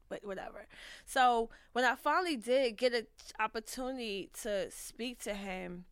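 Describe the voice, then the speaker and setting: Casting: woman vlogger, candid and profane, rambling casual advice, mid-range pitch, dry close sound. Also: moderate pace, fairly bright tone, clear, resonant tone, no room sound. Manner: candid, rambling, lots of fillers and restarts; frank and profane. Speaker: vlogger answering viewer questions.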